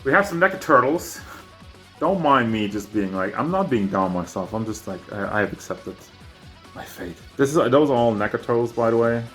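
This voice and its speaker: A man's voice: mid-range voice, expressive, moderate pace, a bit bright, soft background music. A man touring his toy collection at home, rambling and self-mocking, out of breath as he moves around with a handheld camera. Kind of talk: casual collection tour. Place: home with figure shelves, indoors. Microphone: handheld camera moving around.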